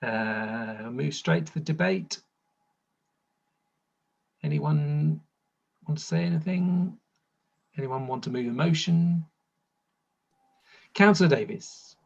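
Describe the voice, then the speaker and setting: A man chairs a council planning meeting over a video call, calling names and moving business along briskly between hesitant fillers. His voice comes through slightly dull and muffled. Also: on the high side, vocal fry. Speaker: committee chair.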